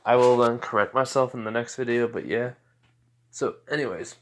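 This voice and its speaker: A man's voice: medium pitch, fairly even intonation, normal speed, a little hiss or hum. Rambling, stuttering tired young man. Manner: rambling, full of fillers, with stutters. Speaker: fan story narrator. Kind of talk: improvised fan fiction storytelling.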